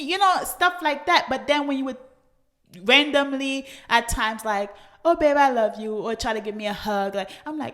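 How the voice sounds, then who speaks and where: A woman's voice: sits high, normal speed, a bit bright. A woman co-hosting a podcast, chatting expressively and casually with many fillers. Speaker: podcast co-host. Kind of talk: casual married-couple chat.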